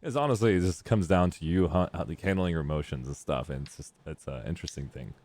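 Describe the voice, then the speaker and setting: A young man streaming, chatting casually with friends on voice chat, excitable and rambling. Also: low-pitched, quick pace. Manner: excitable, laughs often, rambling.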